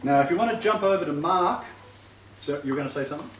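Emphatic preacher, distant and echoey. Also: male voice, fairly high pitch, expressive, quick pace. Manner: emphatic, checks in with rhetorical questions. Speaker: preacher of a messianic congregation. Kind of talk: teaching sermon. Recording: distant, roomy, dull recording with faint background noise.

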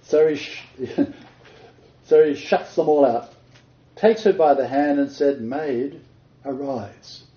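A man's voice: a little high, takes it slowly, pauses often, mellow. A man leading an interactive Bible study, quizzing his group and laughing often. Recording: roomy dull lo-fi recording.

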